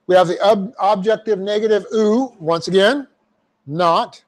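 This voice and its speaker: Male Bible teacher, slightly high voice, methodical Greek grammar lecture, repeats phrases for emphasis. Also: slow pace, creaky. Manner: explains Greek grammar step by step, dictating punctuation. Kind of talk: verse-by-verse Bible class lecture.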